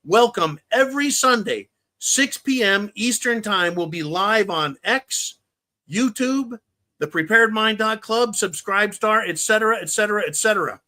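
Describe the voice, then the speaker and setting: A man's voice: sits high, expressive, a little slow, sharp tone. A man hosting a political commentary livestream, ranting with heavy profanity and repeating his points for emphasis. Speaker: livestream host.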